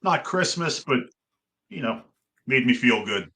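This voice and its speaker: A man's voice: mid-range voice, expressive, a little slow, sharp tone. A man on a podcast in casual chat, hesitant and unsure, talking through fillers. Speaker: podcast guest. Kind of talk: casual chat, food taste test.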